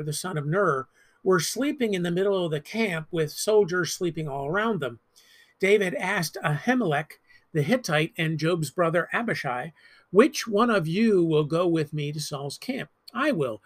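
A man with a fairly high voice delivers a church podcast sermon. He reads the scripture aloud in a steady way, then moves into relaxed, gently humorous reflection. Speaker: pastor.

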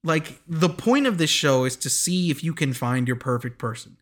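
A man's voice: fairly high pitch, animated, moderate pace. A young man hosting a casual recap of a dating show, rambling with many "like"s and stammered restarts.

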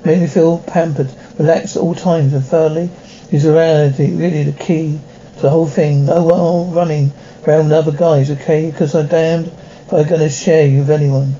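An actor playing an anxious, possessive graphic novelist who talks in a sarcastic, demanding way. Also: male voice, fairly high pitch, fairly even intonation, moderate pace, mellow, highs cut off, slight background noise, close to an everyday voice. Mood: commanding. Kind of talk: film acting.

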